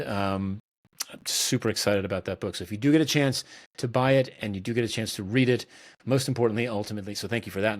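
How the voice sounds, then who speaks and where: A middle-aged man talking as a podcast guest in a casual, relaxed way, with many fillers and restarts. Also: lowish voice, dry recording, clean studio sound. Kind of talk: casual conversational interview.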